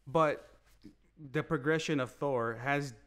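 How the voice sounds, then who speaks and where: A man co-hosting a casual movie review podcast, rambling with many restarts and getting animated. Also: medium pitch, slow, clear, resonant tone. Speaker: podcast co-host.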